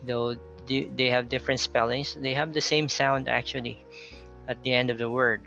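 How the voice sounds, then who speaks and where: A man's voice: mid-range voice, level tone, moderate pace, vocal fry, pushed and bright, highs cut off, soft background music. A man from the Philippines with a Filipino accent, teaching an English pronunciation lesson and repeating example words as he explains them.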